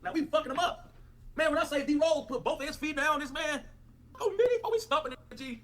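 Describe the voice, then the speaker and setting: A man's voice: very high-pitched, fast. A man delivering a profane, repetitive livestream rant. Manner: animated, repetitive, cursing.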